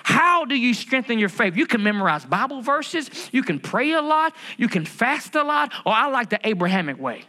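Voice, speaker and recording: Bright-voiced pastor preaching lively. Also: male voice, extremely high pitch, normal speed, few pauses. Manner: lively, conversational preaching with humor and rhetorical questions. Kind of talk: sermon. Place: church building.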